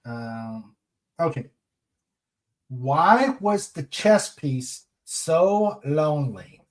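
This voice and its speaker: Male stream host, slightly raised pitch, slow easygoing delivery, reads comments aloud. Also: sing-song. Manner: unhurried, chatty, laughs at jokes. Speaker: livestream host. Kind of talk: casual chat, reading viewer comments aloud.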